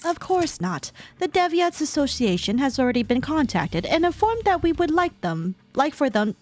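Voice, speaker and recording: A woman voicing a proud, composed woman strategist who speaks formally and in a measured, matter-of-fact way. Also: high voice, very animated. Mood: smug.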